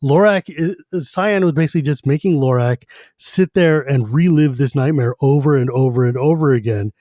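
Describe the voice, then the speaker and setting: A man co-hosting a casual book podcast, retelling scenes in an animated, laughing, slangy way. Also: mid-range voice, normal speed, no room sound, clean studio sound. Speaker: podcast co-host.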